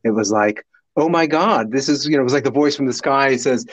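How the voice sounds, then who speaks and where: Animated middle-aged man telling a story. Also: medium pitch, brisk, dry recording. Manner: animated, acts out voices in his stories. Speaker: guest. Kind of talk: storytelling in a conversation.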